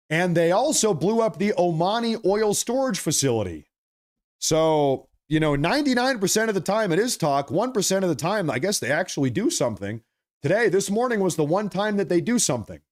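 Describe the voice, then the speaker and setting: Animated man hosting a political livestream. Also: on the high side. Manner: animated, repeats phrases, apologetic asides. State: slight cough. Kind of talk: casual livestream commentary reading viewer chats.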